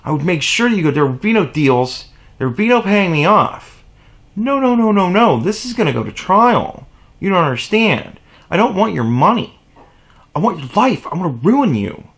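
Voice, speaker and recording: A man's voice: sits high, sing-song, normal speed, fairly bright tone. A man delivering an exasperated, profane opinion rant on his vlog, with sarcastic asides. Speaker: vlogger.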